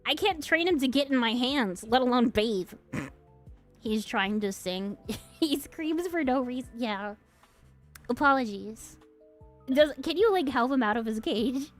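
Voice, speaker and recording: A woman's voice: a little high, animated, a little slow, soft background music. A woman streamer in casual chat, giggly, playful and rambling.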